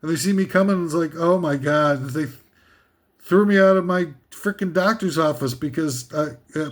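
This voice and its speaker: A man's voice: on the high side, moderate pace. A man hosting a comedic countdown list, ranting sarcastically and rambling with many fillers and asides. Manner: sarcastic, meandering, with frequent fillers and laughs. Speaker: host.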